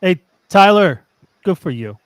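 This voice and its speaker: A man's voice: sits high, big pitch swings, measured pace. A man co-hosting a podcast in casual chat, teasing the others and laughing. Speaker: podcast co-host.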